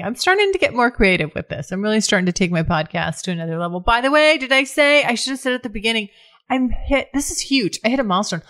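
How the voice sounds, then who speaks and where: A woman's voice: a little high, expressive, fast, fairly bright tone. A woman hosting her own podcast, talking frankly and casually on her own, swearing freely and often restarting her sentences. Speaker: podcast host. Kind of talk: candid solo podcast talk.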